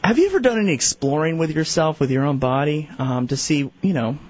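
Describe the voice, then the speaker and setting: A man's voice: fairly high pitch, animated, a little fast, lo-fi sound, slight background noise. A young man working as a radio show intern, talking in a sheepish, apologetic way that often trails off into mumbling. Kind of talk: casual radio banter.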